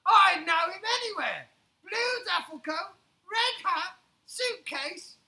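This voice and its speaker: A man voicing a loud, stern male Tower guard in a children's storybook reading, booming and emphatic. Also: normal speed, gravelly, full character voice. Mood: insistent.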